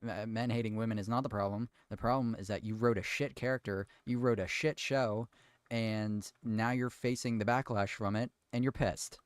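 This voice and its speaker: A man's voice: on the low side, fairly even intonation, normal speed, clean tone, dry recording. A man chatting casually while building, ranting at length with restarts and swearing. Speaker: streamer.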